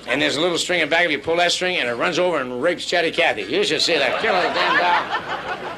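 Brash male club comic, quick patter, higher voice, live room with crowd laughing. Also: creaky, poor audio. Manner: brash, rambling, crude banter with the crowd. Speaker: stand-up comedian. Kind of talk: nightclub stand-up routine. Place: nightclub before a live audience. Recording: live club recording with audience. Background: audience laughter.

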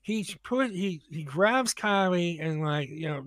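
High-voiced man rambling through a profane story. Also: measured pace, fairly bright tone, no echo, studio quality. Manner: rambling, profane, many restarts. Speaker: podcast co-host telling a story. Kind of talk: casual chat.

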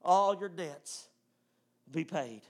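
A man preaching a fervent, emphatic sermon, swinging from loud whoops to hushed tones. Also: on the high side, animated, very slow. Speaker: pastor.

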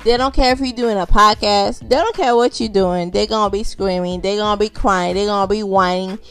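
A woman's voice: medium pitch, fairly even intonation, fairly quick, fairly bright tone, clean tone, faint music behind. Chatty woman podcast host. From Haitian background. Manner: chatty, repeats herself, addresses listeners as y'all. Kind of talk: unscripted casual podcast talk.

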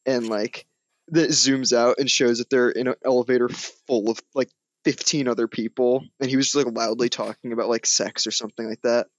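A young man talking through a film he enjoyed, rambling and amused, leaning on "like" and "you know" as he recounts scenes. His voice sits at an ordinary middle pitch. The sound is dry and close, with no room around it. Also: fairly even intonation, fairly quick, no echo, muffled recording. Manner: rambling, filler-heavy, amused retelling. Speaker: movie review podcast co-host. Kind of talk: casual chat.

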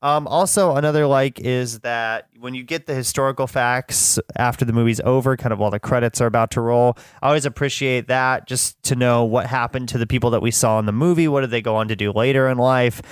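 A man's voice: medium pitch, steady tone, brisk, hardly any pauses, smooth, no echo, clean studio sound. A man co-hosting a podcast, chatting casually about a film and rambling with lots of fillers. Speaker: podcast co-host. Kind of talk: casual chat.

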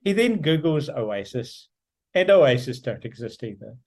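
A man's voice: mid-range voice, big pitch swings, measured pace, darkish tone. A man co-hosting a casual podcast, with a dry, teasing way of talking who repeats himself to push the chat along. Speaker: podcast co-host.

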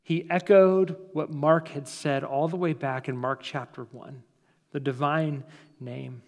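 A man, a pastor, preaching a sermon with dramatic pauses, slowing down and dropping soft for emphasis, in a church sanctuary. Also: a little high, fairly even intonation, in a large hall. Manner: dramatic preaching, slows and drops to near-silence for emphasis.

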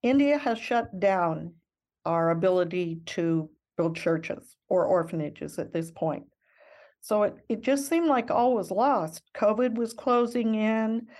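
A woman's voice: medium pitch, animated, takes it slowly, a little mellow. An older woman, a missionary guest in an interview, telling her story in an earnest, reflective and heartfelt way.

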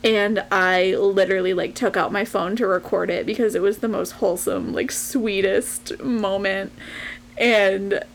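A woman's voice: medium pitch, fairly even intonation, a little slow, a little hiss or hum. A young woman co-hosting a podcast, telling a rambling story in a chatty way and laughing often. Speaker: podcast co-host. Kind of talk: casual chat and storytelling.

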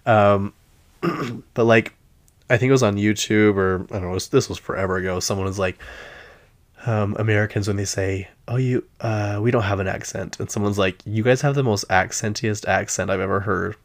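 A man's voice: lowish voice, steady tone, normal speed. A man with a Utah accent hosting a casual pop-culture chat, chatty and easily exasperated, with lots of fillers. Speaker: podcast host.

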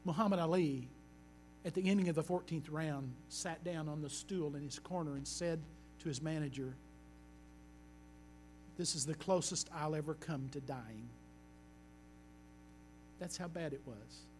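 A man as pastor, preaching a sermon with earnest storytelling that slows down for emphasis. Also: on the high side, a little hiss or hum.

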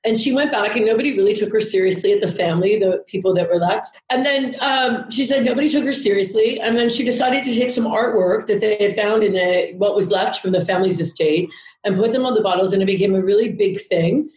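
A woman's voice: mid-range voice, brisk, darkish tone, roomy sound, poor audio. Candid, rambling woman storyteller. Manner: candid, rambling, swears freely. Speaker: podcast guest. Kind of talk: casual storytelling chat.

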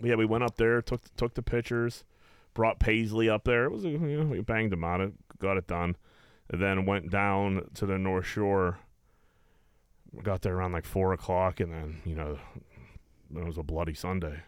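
A man's voice: sits low, steady tone, moderate pace, smooth, dry recording. Man, young adult, casual chat, rambling storyteller, swears a lot, dry sound.

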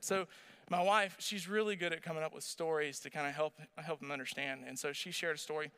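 Bright-voiced animated male preacher. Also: high voice, quick pace, clean tone. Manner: animated storytelling, asks the audience questions. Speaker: pastor. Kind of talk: sermon.

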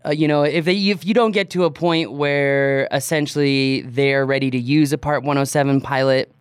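A man co-hosting a podcast, giving plain-spoken, animated advice in casual chat. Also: mid-range voice, moderate pace, clear, resonant tone, dry recording, clean studio sound. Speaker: podcast co-host.

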